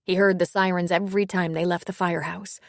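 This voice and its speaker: A woman narrating an audiobook in an even, measured reading. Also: on the low side, no echo, clean studio sound. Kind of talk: scripted narration.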